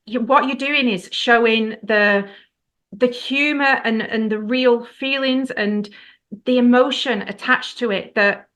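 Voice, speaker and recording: Bright-voiced woman interviewer. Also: a little high, slow. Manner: thoughtful, talks in long winding questions. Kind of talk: casual interview.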